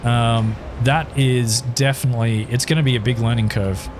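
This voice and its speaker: A man's voice: medium pitch, fairly even intonation, moderate pace, noisy background. An Australian man casually commentating his gameplay, thinking aloud with lots of ums and chatting to his viewers as he goes. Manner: talks to chat, thinks aloud with many ums. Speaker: gaming YouTuber.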